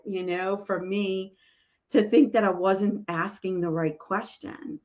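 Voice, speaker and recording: A woman's voice: medium pitch, steady tone, slow, a little mellow, lo-fi sound. A woman, a spiritual medium, telling a personal story in a casual, rambling way, full of "you know" and "like".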